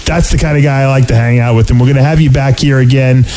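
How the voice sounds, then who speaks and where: A man's voice: mid-range voice, steady tone, fast talker, warm tone. A man hosting a radio interview, affirming his guest and asking short questions. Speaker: radio show host.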